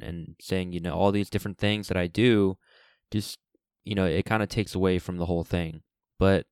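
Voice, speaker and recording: A man with a very low, resonant voice hosts a solo podcast, thinking aloud in an earnest, reflective way. He often stops and restarts his sentences. The sound is dry and close, with no room echo. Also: a little mellow, clean tone. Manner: halting, with many restarts and fillers. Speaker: podcast host. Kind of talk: unscripted solo podcast monologue.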